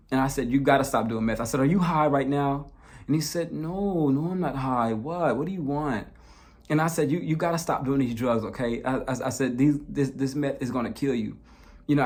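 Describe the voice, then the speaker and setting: A man speaking in a middle register narrates a painful episode from his own life. He is earnest and personal, and often repeats words and restarts as the feelings catch up with him. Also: mid-range voice. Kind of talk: personal true-crime storytelling.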